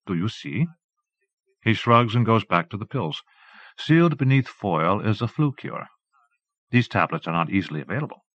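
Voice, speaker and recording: Man, audiobook narrator, measured reading, dull lo-fi tape, dry close sound. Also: fairly low pitch, lively intonation, a bit bright, no echo. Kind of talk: scripted narration.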